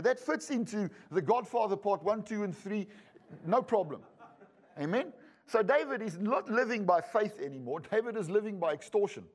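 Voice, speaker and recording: A high-pitched man delivers a sermon in a conversational way. He reads long scripture passages and slips in wry asides to his listeners. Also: lively intonation, moderate pace. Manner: conversational preaching with joking asides. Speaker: pastor and Bible school teacher.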